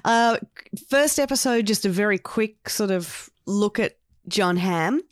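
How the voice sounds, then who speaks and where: A chatty woman co-hosts a podcast review, full of quick jokey asides. The sound is dry and close, with no room around her voice. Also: mid-range voice, no room sound. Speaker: podcast co-host. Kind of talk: casual review chat.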